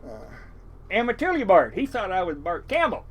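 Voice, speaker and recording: This is an older man who captained fishing boats, guesting on a podcast and telling stories his own way. His voice sits a little high and leaps up and down with every turn of a tale. He swears easily, restarts his sentences and laughs along with himself. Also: normal speed, slightly rough. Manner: animated, swears freely, lots of restarts and chuckles. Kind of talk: rambling storytelling in a casual interview.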